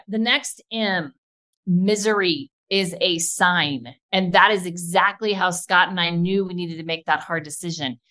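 A woman co-hosting a podcast, talking fast and enthusiastically in a casual chat. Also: medium pitch, sharp tone. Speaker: podcast co-host.

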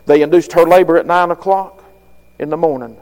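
A man preaching a fervent, folksy sermon, rising louder and higher on key phrases. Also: a little fast. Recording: long hall reverb.

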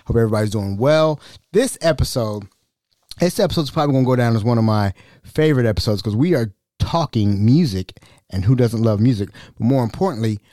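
A young adult man hosts a casual podcast in a soft, dark-toned voice of middle pitch. He rambles through a comic anecdote, restarting sentences as he goes. The sound is dry and close, with no room around it. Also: no room sound. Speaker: podcast host.

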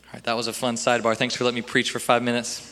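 Young guy preaching in a church hall, animated, acts out the scenes, kinda bright voice. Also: mid-range voice, very fast. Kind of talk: sermon. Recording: long hall reverb.

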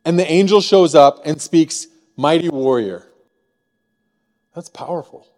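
Male pastor from Missouri, slightly high mellow voice, chatty sermon delivery, long church reverb. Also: normal speed. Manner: conversational, frequent rhetorical "right?". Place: church sanctuary.

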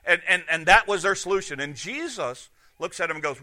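A middle-aged man preaching a sermon, retelling scripture stories in an animated way and acting out the quotes. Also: fairly high pitch, brisk, hardly any pauses. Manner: animated, acts out quoted lines. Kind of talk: sermon storytelling.

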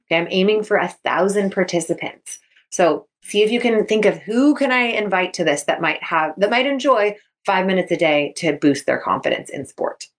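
A woman's voice: medium pitch, expressive, moderate pace. A woman in her thirties, a sports mindset coach hosting her podcast, talking casually and upbeat, acting out quotes as she goes. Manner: upbeat, chatty, acts out quotes. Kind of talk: casual solo podcast talk.

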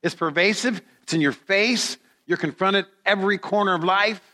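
A middle-aged male pastor delivering a sermon in a fairly high, bright voice. He preaches slowly and deliberately and tells his stories dramatically. A long hall reverb trails each phrase.

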